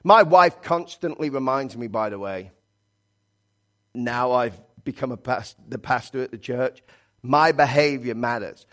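A man preaching a conversational sermon as pastor in church, swinging between loud emphasis and quiet asides. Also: mid-range voice, a little slow. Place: church sanctuary.

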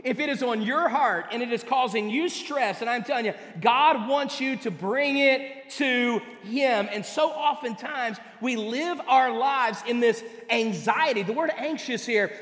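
High-voiced preacher in an echoey hall. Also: male voice, unhurried, hardly any pauses, fairly bright tone. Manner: emphatic, with repeated words and rising and falling delivery. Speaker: pastor. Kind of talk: sermon. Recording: echoey hall with long reverb.

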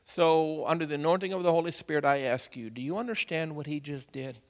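A male pastor preaching in a church sanctuary, his voice sitting a little high for a man. He tells stories softly, then presses his point loudly and urgently. A long reverb trails behind every phrase. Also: brisk. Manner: builds from quiet storytelling to loud urgent preaching. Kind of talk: sermon.

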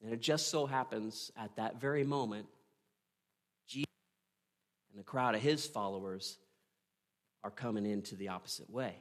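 Earnest man preaching a sermon. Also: lowish voice. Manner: earnest storytelling, dramatic pauses, asks the listener "right?". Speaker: pastor.

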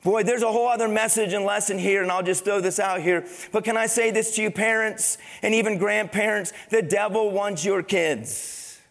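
A man's voice: sits high, fairly even intonation, fairly quick, few pauses, a bit bright, in a large hall. A man preaching a sermon as pastor, reading scripture and questioning his congregation, his delivery swelling and falling in intensity. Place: church sanctuary.

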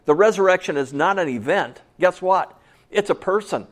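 Lively pastor preaching a sermon. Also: male voice, high voice, moderate pace. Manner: lively preaching with jokes aside to the congregation. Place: church.

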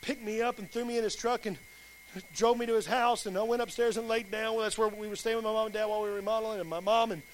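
A man's voice: sits high, fairly even intonation, fast, a little hiss or hum. A pastor, plain-spoken and folksy, giving a sermon with his personal testimony.

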